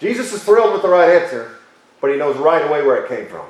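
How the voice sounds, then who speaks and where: A man preaching a sermon as pastor, emphatic, repeating key phrases and slowing down for stress. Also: a little high, very animated. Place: church sanctuary. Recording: very echoey church hall.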